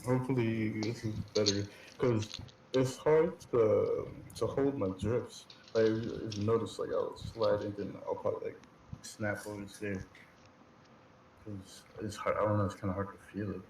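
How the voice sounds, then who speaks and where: Low gravelly man in an echoey room. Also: steady tone, moderate pace, a little mellow, a little hiss or hum. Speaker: stream co-host and sim racer. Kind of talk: casual gaming stream chat.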